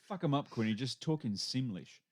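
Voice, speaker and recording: A man's voice: medium pitch, lively intonation, a little fast, noisy background. A man co-hosting a podcast, joking and teasing his co-hosts in casual chat. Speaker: podcast co-host.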